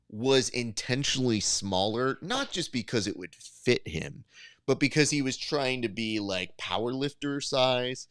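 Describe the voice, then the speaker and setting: A man's voice: fairly low pitch, a little slow, smooth, dry recording, clean studio sound. A man co-hosting a podcast, telling a story in casual chat and acting out the people he quotes. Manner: animated storytelling, acts out quotes. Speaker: podcast co-host.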